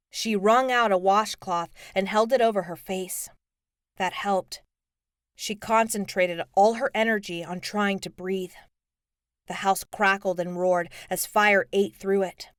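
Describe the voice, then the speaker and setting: A woman reading an audiobook in a steady, measured narration. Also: mid-range voice, clear, resonant tone, no echo, clean studio sound.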